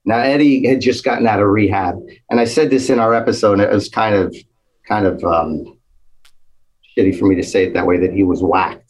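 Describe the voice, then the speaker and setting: A man with a low, slightly husky voice tells a long anecdote in relaxed conversation. He acts out the people in the story, jumping higher for their lines. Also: a little fast, rough recording. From New Jersey. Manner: animated storyteller acting out quoted voices. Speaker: guest storyteller. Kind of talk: casual anecdote telling.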